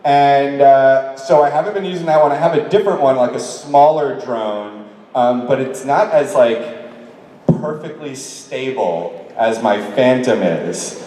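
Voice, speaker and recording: A man's voice: medium pitch, measured pace, mellow, distant mic, a little hiss or hum. A man from New York answering fan questions on a convention panel, chatty and self-deprecating, laughing often. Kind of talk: casual convention Q&A. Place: large convention hall with audience. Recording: echoey convention hall through a PA, heard from afar.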